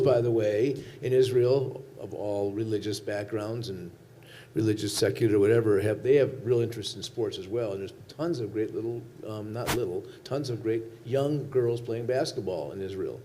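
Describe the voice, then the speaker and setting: A man's voice: on the low side, dark tone. A man answering audience questions on a panel, earnest and rambling with frequent restarts. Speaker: filmmaker on a panel. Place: law school auditorium.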